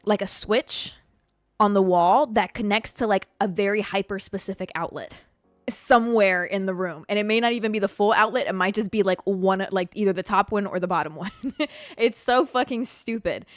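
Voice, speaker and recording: Young woman, podcast host, casual solo chat, animated, heavy swearing, frequent "like", medium pitch, dry recording. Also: normal speed, dry recording, soft background music. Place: at home, in a room with a couch.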